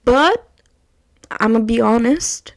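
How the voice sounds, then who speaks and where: A young woman, hosting her own podcast and telling a story in casual chat, swinging from loud outbursts to hushed asides. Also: on the high side, lively intonation, takes it slowly. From Quebec, Canada. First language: French. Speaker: podcast host.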